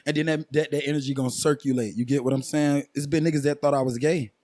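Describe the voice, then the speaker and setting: A man's voice: fairly high pitch, fairly even intonation, fast, dark tone, no room sound. A man in his twenties, a guest musician, talking casually and at length with slang and frequent check-ins like "you feel me" on a podcast. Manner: laid-back slang-heavy storytelling, frequent "you feel me".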